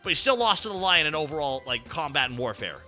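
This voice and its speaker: A man hosting a casual ranking stream, telling stories in an excitable, profane rush. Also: a little high, soft background music. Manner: excitable, profane, fast storytelling. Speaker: streamer host.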